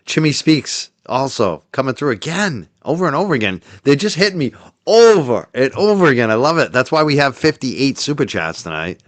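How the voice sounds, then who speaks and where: Reading and thanking viewers for their super chats, this livestream host keeps things chatty and relaxed, laughing readily and fading out softly at the ends of thoughts. He speaks at a medium pitch, with no room sound on the recording.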